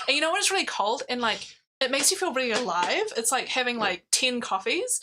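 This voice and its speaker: A woman with a New Zealand accent, chatting on a stream and telling animated stories. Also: high-pitched, a little fast, few pauses. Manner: animated storytelling, laughs easily. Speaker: stream co-host. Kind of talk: casual chat.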